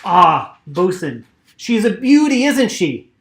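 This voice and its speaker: Man putting on a hearty shipsmith, higher raised voice, roomy echo. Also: moderate pace, background noise, natural voice. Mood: admiring. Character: admiring human shipsmith, hearty.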